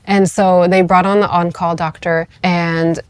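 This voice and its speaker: A woman's voice: on the low side, level tone, unhurried, clean tone. A woman in her thirties, a podcast guest, telling a personal story in a chatty way, full of fillers, acting out what others said. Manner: chatty, many "like" fillers, acts out quoted voices. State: tearful at moments. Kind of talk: casual storytelling.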